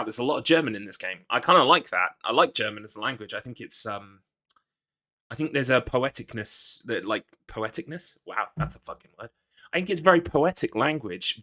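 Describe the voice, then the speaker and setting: A man's voice: mid-range voice, pushed and bright. A man from the UK streaming a game, chatting casually and rambling, poking fun at himself and reading chat aloud. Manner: rambling, self-deprecating, reads chat aloud.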